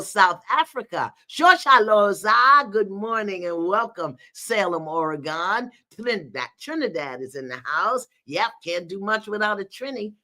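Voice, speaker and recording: A middle-aged woman hosting a live online spiritual gathering, playfully greeting viewers by location in a casual, animated way. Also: medium pitch. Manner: lively, playful, call-outs with "in the house".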